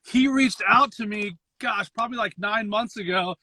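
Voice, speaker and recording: A man calling into a live stream from his car on his phone, chatting in a friendly, excited way. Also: high voice, no room sound, low-quality recording. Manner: friendly, excited, fast-talking. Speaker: guest caller. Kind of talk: casual chat on a live-stream call.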